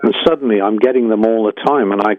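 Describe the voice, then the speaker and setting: A man's voice: fairly low pitch, quick pace, a little hiss or hum. An older man, a guest musician telling frank, rambling stories full of restarts and acted-out quotes. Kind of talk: reflective storytelling interview. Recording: tinny phone-line sound, dry.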